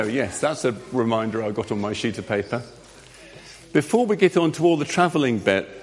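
Lively preacher in a reverberant hall. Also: male voice, medium pitch. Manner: lively, jokey, directing volunteers. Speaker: preacher leading a Bible story with volunteers. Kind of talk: all-age church talk.

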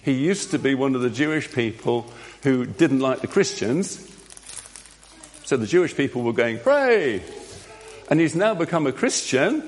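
A man's voice: mid-range voice, expressive, moderate pace, a little hiss or hum. A man leading an all-age church talk, acting out a Bible story with volunteers in a jokey, directing manner. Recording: long hall reverb.

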